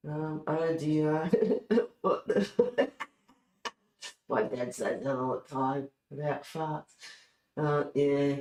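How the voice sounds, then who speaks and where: A woman's voice: deep voice, very slow, pauses often, a little mellow, slight background noise. A woman chatting casually in a craft vlog, rambling and laughing often as she shows her work. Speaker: colouring and junk-journal vlogger. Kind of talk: casual chat showing crafts. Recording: echoey room.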